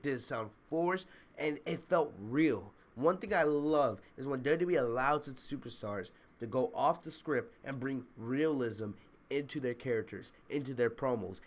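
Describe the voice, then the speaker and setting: A man giving a blunt, opinionated review in a casual ranting manner, often repeating his points. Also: medium pitch. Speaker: wrestling show reviewer.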